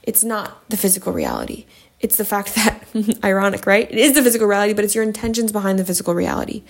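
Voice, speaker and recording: A woman giving a spoken Torah lesson, passionate and emphatic, with sudden high bursts. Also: quick pace, vocal fry. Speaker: Torah class teacher.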